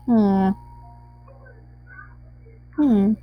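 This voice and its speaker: A woman's voice: medium pitch, drawn-out words, highs cut off, soft background music. A young woman gamer chatting through a let's play, reacting aloud and reading dialogue.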